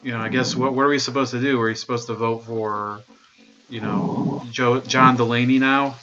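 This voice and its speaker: A man's voice: mid-range voice, fairly even intonation, moderate pace, a bit bright, dull audio. A man hosting a live political talk stream, rambling and sardonic, with lots of fillers. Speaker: host.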